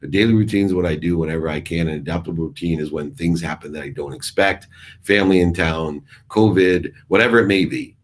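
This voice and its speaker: A man's voice: low-pitched, quick pace. A middle-aged man giving an emphatic, preachy motivational talk, repeating his phrases for effect. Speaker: motivational speaker.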